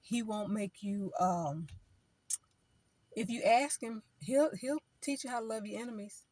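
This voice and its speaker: A woman's voice: a little high, measured pace, darkish tone, dry recording. Woman preaching casually in a dry room. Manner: conversational, repeats phrases, acts out quoted people. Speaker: vlogger giving spiritual advice. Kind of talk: informal preaching to camera.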